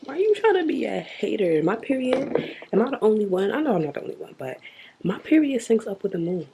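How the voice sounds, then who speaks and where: Young woman vlogger, dark mellow tone, frank and profane. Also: mid-range voice, very animated, a little fast, gravelly, slight background noise. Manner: blunt, profane, chatty. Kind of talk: casual video diary chat.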